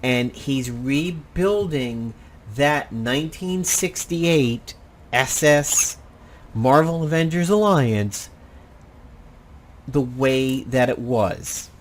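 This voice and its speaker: Male gaming host, mid-pitched, unhurried, blunt and rambling, faint background noise. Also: lively intonation. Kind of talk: casual gameplay commentary.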